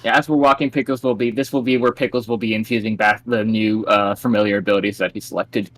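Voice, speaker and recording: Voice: mid-range voice, fairly even intonation, quick pace, a bit bright, dry recording. A player in a tabletop game talking casually about their character's actions. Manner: casual, chatty, swears.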